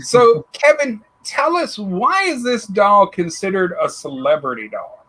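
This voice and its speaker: Man, radio show host, casual joking chat, slow unhurried delivery, pitch that swings widely. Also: expressive, fairly bright tone. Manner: joking, laughs often.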